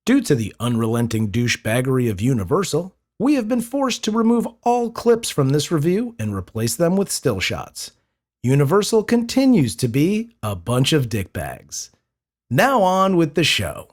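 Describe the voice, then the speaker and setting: A man's voice: fairly high pitch, huge pitch swings, moderate pace. A man co-hosting a casual movie review show. He talks in a laid-back, profane way and laughs often. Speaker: podcast co-host, movie reviewer. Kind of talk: casual chat.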